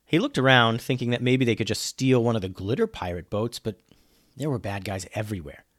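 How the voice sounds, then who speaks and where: A man reading a children's pirate adventure story aloud, lively and dropping low on the speech tags. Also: a little fast.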